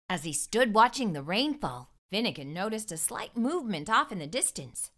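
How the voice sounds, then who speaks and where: A woman hosting a children's storytime, reading a picture book aloud in an expressive, animated way. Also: medium pitch, moderate pace, hardly any pauses. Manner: warm expressive read-aloud. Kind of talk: read-aloud storytelling for kids.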